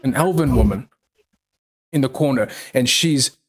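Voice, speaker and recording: Male game master for a livestreamed tabletop game. Slow, deliberate storytelling with a mid-range voice. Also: medium pitch. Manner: slow, measured storytelling with pauses. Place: online livestream.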